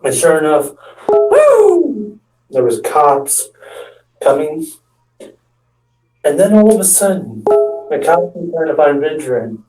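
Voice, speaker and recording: A young man telling a prank story in a rambling, stop-start way, often acting out what people said. His voice sits a bit high and sounds soft and mellow. He is picked up from a distance in an echoey room. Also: expressive, measured pace, pauses often. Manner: rambling, restarts often, acts out quotes. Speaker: stand-up comedian telling a story.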